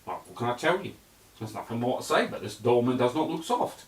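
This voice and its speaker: A chatty male voice actor running through a casual impressions demo, his pitch moving lively up and down. He hops between put-on voices. The recording sounds roomy, with the mic set a fair distance away. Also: brisk.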